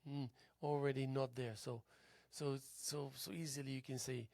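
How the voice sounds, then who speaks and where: A tired man hosting a local TV show, musing aloud in a halting philosophical monologue that drifts into soft whispers. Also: medium pitch, level tone, no room sound. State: tired, yawning. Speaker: host. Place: local cable TV studio.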